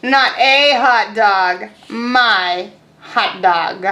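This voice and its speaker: A woman voicing an excitable, possessive male pigeon while reading a picture book aloud, with loud, drawn-out exclamations. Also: medium pitch, heavily acted.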